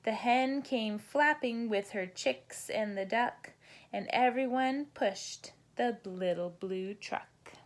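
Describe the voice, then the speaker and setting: Casting: woman teacher reading a bedtime story to children, gentle, sing-song, very slow and unhurried. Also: fairly high pitch. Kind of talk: children's storybook read-aloud.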